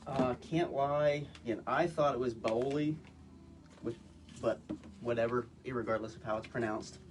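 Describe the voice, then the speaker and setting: A man casually reviewing products on a phone livestream, talking in a relaxed, hesitant way with many "um"s and "again"s. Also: mid-range voice, normal speed, background noise. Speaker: guest co-presenter, husband. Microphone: phone, live stream.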